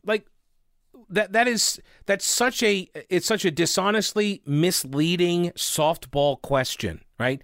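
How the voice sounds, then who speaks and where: Male opinion host, sarcastic and chatty, slightly high voice, dry recording. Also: slow pace, fairly bright tone, no echo. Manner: sarcastic, conversational, reads headlines aloud. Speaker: political commentator. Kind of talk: opinion commentary reading headlines.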